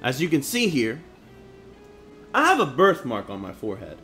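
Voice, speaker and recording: A young vlogger who grew up in Harlem, New York, tells personal stories in a blunt, profane, slangy way. His medium-pitched voice swings hugely in pitch at a moderate pace, bright and forceful, with faint music behind him.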